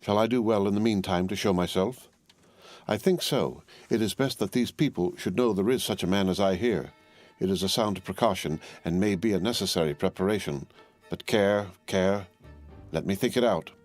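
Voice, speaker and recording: A man reading an audiobook and voicing a weary gentleman who thinks aloud in a musing, deliberate way. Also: sits low, faint music behind, close to an everyday voice.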